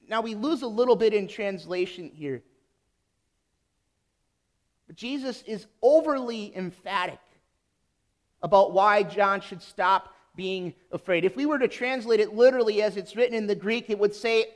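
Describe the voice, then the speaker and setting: A man preaching a sermon as pastor, emphatic and deliberate, building on repeated phrases. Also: high voice.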